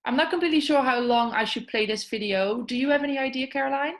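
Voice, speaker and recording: A woman's voice: sits high, fast talker. A woman hosting an online class, upbeat and asking the group questions. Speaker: webinar host.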